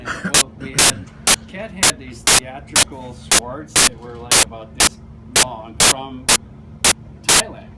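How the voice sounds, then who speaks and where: A man's voice: mid-range voice, a little slow, recorded from a distance. A man telling a story to friends in a casual, profane way, acting out what people said. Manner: animated, profane, acts out quotes. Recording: loud background noise.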